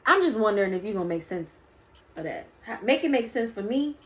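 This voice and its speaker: A woman's voice: mid-range voice, expressive, a little fast. A woman doing a casual spiritual card reading, preaching to her viewers and calling them "y'all" and "baby". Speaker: spiritual reader.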